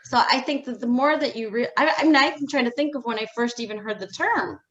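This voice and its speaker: A woman with a high voice hosts a relaxed music interview. She wanders through her thoughts with easy laughs, and her mic sounds slightly dull and muffled. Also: fast. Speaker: radio show host. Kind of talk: casual interview chat.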